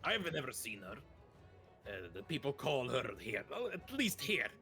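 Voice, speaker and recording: A man doing a gruff, proud tavern dwarf. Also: mid-range voice, very animated, pushed and bright, soft background music, full character voice. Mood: storytelling. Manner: gruff, quick to bluster and slam the table.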